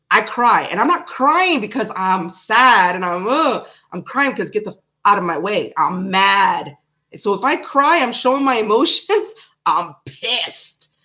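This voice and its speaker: A woman in her thirties talks her way through a live tarot stream in a loose, rambling manner. She is frank and blunt, her pitch sits in a middle range, and she laughs between her asides. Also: bright, forceful tone. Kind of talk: casual live-stream chat.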